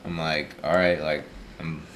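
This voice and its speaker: A young man in casual chat, telling a story in a low-key way and acting out what people said. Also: flat delivery, unhurried, very noisy.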